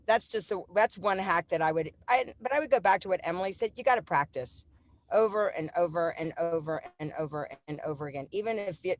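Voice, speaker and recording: A woman panelist giving advice in a hesitant way with many pauses. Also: on the low side, no room sound. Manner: hesitant, many fillers and restarts.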